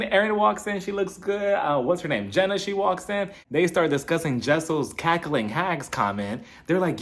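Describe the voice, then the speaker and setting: Man, reality show recap, gossipy, acts out quotes, lively swooping pitch. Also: normal speed, few pauses. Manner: gossipy, animated, acts out cast members' quotes. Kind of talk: casual recap commentary.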